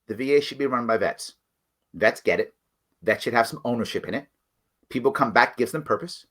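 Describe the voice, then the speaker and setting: A man's voice: medium pitch, fairly quick, a bit bright. A middle-aged man hosting a livestream political commentary show, talking bluntly and emphatically straight to his viewers.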